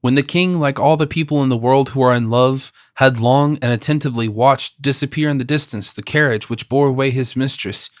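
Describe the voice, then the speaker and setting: A man's voice: medium pitch, no echo. Man narrating a classic novel, dry studio sound. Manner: measured, expressive reading. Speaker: audiobook narrator.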